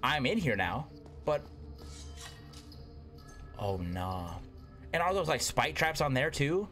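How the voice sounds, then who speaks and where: A man giving casual gameplay commentary, excitable and talking to himself, yelping at close calls. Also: mid-range voice, slow pace, soft background music. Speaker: gaming YouTuber.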